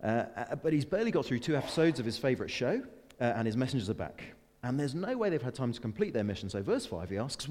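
A man preaching a sermon in an earnest manner, slowing down for weighty scripture readings and breaking into chatty, self-deprecating asides. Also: medium pitch, very animated, darkish tone, in a large hall. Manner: earnest, with rising emphatic peaks and slowed, weighty readings.

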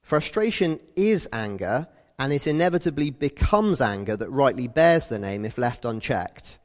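A British man giving a conversational sermon, telling stories in a lively way and acting out the people in them. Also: medium pitch, moderate pace, long reverb tail. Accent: British English. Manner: lively storytelling, acts out quoted people. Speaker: preacher.

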